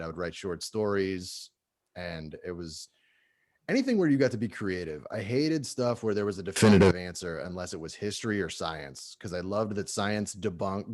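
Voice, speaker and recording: A man in his thirties with a fairly low voice, talking as a podcast guest. He tells his stories in a loose, profane, animated way. The talk is a casual comedy chat.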